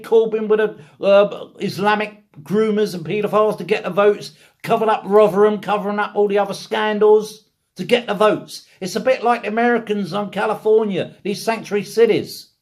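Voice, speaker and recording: A man from England ranting in a casual monologue, full of rhetorical questions and repeated phrases. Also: sits high. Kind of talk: casual political rant.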